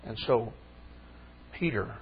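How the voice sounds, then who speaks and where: A man's voice: mid-range voice, slow, gravelly, dull audio, a little hiss or hum. A man preaching a sermon in a conversational way that rises into fervent emphasis.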